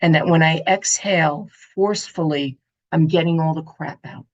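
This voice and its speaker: A woman speaker giving a motivational summit talk, telling stories in an expressive, animated way. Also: low voice, moderate pace, muffled recording. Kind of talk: summit talk to an online audience.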